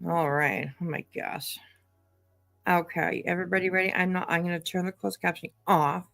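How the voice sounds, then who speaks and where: A woman's voice: on the low side, fairly even intonation, normal speed, creaky, a bit bright, no echo. A woman hosting a casual live-stream commentary, chatty and sarcastic, thanking viewers by name. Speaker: commentary channel host. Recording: dry close mic, faint music.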